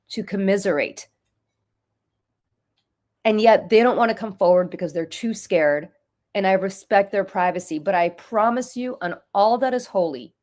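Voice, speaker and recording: A woman's voice: medium pitch, darkish tone. A woman giving impassioned talk-show commentary, emphatic and emotional, repeating her key points for force. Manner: emotional, urgent. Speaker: political commentator and nonprofit leader.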